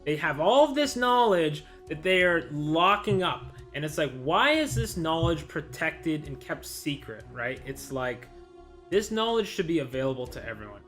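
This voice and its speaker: Man, somewhat high pitch, casual vlog rant, frustrated, rambling, faint background music. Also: very animated, normal speed, a bit bright. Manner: frustrated, rambling, lots of "I'm like" and restarts. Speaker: vlogger.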